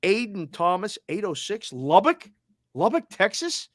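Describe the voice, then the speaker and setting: This man speaks in a Boston accent with a fairly high voice. He hosts a casual sports talk show and fires off energetic listener shout-outs. The sound is dry and close. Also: unhurried, dry recording. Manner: energetic, shout-outs with area codes and towns. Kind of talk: roll call of listeners, casual.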